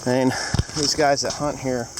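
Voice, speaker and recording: A man's voice: medium pitch, little pitch movement, normal speed, background noise. A middle-aged male farmer filming a casual vlog outdoors in the fields, out of breath from walking, rambling and frank.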